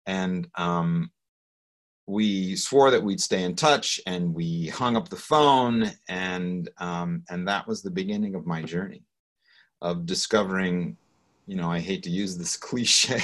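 A middle-aged man recounting a personal story in an interview, earnest and hesitant, over a video call. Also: sits low. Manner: earnest, hesitant, with restarts and soft laughs. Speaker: guest speaker.

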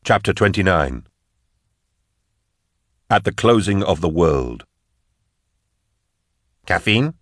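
A man reading scripted narration from an audiobook, in a steady, measured way. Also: low voice, no echo, clean studio sound.

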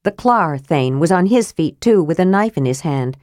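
A woman narrating a fantasy audiobook with a measured, expressive delivery. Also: fairly low pitch, no echo, studio quality.

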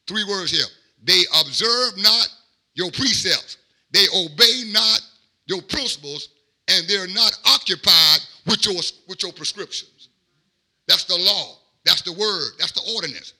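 A middle-aged man, a pastor, preaching a sermon in a rhythmic cadence that swings from quiet asides to shouted peaks. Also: sits high, expressive, measured pace, gravelly.

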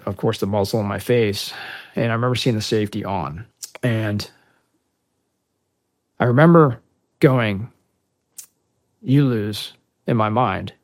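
A man telling a story as a podcast guest, animated and profane, acting out the dialogue. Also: mid-range voice, creaky, no echo, clean studio sound. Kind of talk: storytelling in a conversation.

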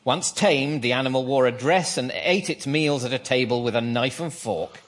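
A man's voice: mid-range voice, moderate pace. A man hosting a radio panel game, with a dry, wry delivery and frequent chuckles. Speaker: quiz show host.

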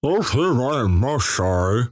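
A man's voice: fairly high pitch, very animated, no room sound, clean studio sound, voice pushed up. A man putting on a mumbly, broken-English brute of a gamer. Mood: earnest. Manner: halting broken English, mumbly as if mouth full. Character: gruff broken-English male gamer copying a big gunner.

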